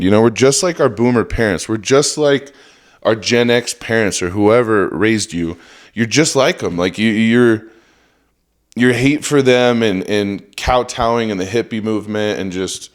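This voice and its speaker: A young man hosting a solo comedy podcast, swearing a lot and mocking what he reads in a sarcastic rant. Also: mid-range voice. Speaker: podcast host.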